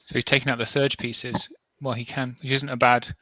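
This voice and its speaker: A man with a bright, forward tone commentates a tabletop wargame. He describes the units on the table in an upbeat way. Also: medium pitch, level tone, fairly quick, dry recording.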